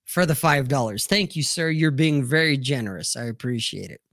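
A man's voice: medium pitch, animated, normal speed, background noise. Blunt, profane man hosting a stream. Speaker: livestream host. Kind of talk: casual panel chat. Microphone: streaming mic, remote call.

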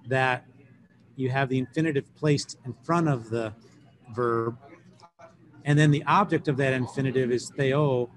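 A middle-aged man lecturing a class on Greek grammar with a mid-pitched voice. He explains loosely and patiently, often pausing on fillers and starting over. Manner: relaxed, explanatory, many fillers and restarts. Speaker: Greek professor teaching a class.

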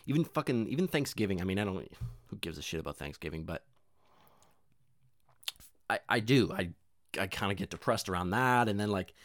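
A man's voice: lowish voice, animated, brisk, pauses often, no room sound, studio quality. A young man rambling casually and profanely in a self-deprecating monologue, full of fillers and restarts.

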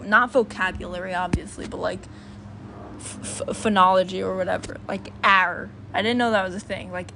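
A chatty young-sounding woman talks on and on, stacking fillers and trying out speech sounds aloud. Her pitch sits in a middle range, and a faint hiss runs under the recording. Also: a bit bright. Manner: chatty, filler-heavy, sounds out phonetic examples. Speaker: student vlogger. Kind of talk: casual rambling monologue.

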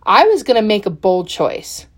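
A middle-aged woman telling a personal story in a chatty, animated way, full of fillers and acted-out quotes. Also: medium pitch, normal speed, slightly rough. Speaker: podcast guest.

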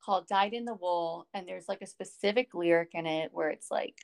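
A woman's voice: fairly low pitch, a little fast, vocal fry, clean tone. A woman co-hosting a podcast, talking casually and rambling, with many fillers and restarts. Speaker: podcast co-host.

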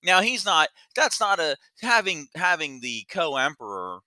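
Rambling self-deprecating podcast host, bright voice. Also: male voice, on the high side, very animated, unhurried, dry recording. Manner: rambling, self-deprecating, stumbles over words. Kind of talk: casual solo podcast monologue.

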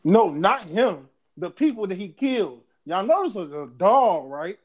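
A man's voice: sits high, big pitch swings, unhurried. A man co-hosting a casual podcast chat, laid-back and profane. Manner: laid-back, profane, talks over others. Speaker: podcast co-host.

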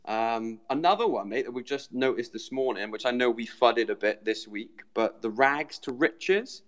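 A British man, calling in remotely as the community's guest on a show, chats in a loose, rambling way and keeps calling everyone "mate." His voice sits at a medium pitch, animated, at a normal speed.

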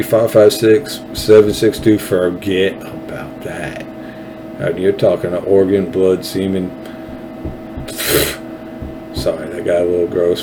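A man's voice: fairly low pitch, vocal fry, noisy background. A man hosting his own podcast, ranting bluntly and heatedly about politics and swearing freely. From Texas. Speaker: podcast host. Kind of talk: angry political rant.

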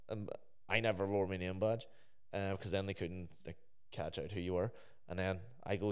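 A man's voice: low-pitched, little pitch movement, moderate pace, clear, resonant tone. A Scottish man in casual podcast chat, telling laid-back stories about old jobs. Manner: laid-back anecdotes, says "aye" a lot.

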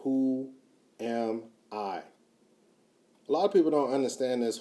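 A man giving a motivational talk, emphatic and repetitive, swinging from quiet to loud. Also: mid-range voice, unhurried. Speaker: motivational speaker.

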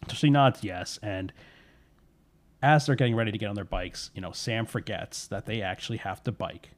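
A man casually retelling a spooky story, slipping into the characters' lines as he goes. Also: on the low side. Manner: relaxed, voices characters' lines in quick asides.

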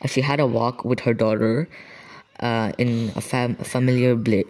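A young woman co-hosting a podcast, reading scary stories aloud in a halting way and pitching up for the quoted voices. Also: steady tone, darkish tone. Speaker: podcast co-host.

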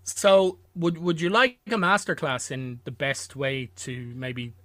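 Man, podcast host, bright voice, rambling casual chat, dry close mic. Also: a little high, fairly even intonation, slow, no room sound. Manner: rambling, with restarts and laughs.

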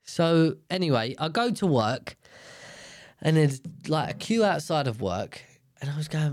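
A man's voice: fairly high pitch, very animated, unhurried, no echo, clean studio sound. A young man telling a rambling, self-mocking story in a casual monologue.

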